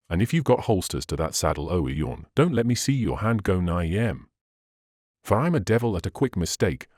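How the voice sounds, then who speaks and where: A man voicing a suspicious coach guard who growls warnings and shouts threats. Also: on the low side, no echo, studio quality. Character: suspicious, gruff male coach guard with a blunderbuss.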